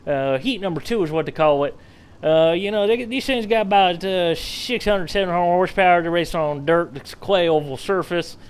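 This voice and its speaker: A man's voice: sits high, moderate pace, smooth, natural voice, poor audio. A man putting on a fake Southern accent to play a folksy race commentator with a drawl. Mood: excited hamming. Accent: put-on American Southern. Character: fake Southern good-old-boy race commentator, hammy.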